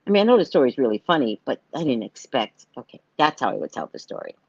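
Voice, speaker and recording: A woman's voice: a bass voice, very animated, fast, a little mellow, husky, no room sound, dull audio. An older woman talking casually to her viewers as host of a live show, telling stories and acting out the voices of people she quotes.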